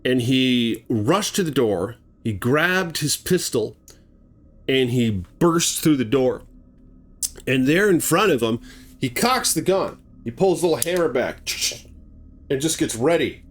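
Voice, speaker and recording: A horror storyteller recounts a chilling true story in a casual yet dramatic way, tossing vivid asides to his viewers. His voice is medium-pitched with lively intonation, and he speaks a little slowly.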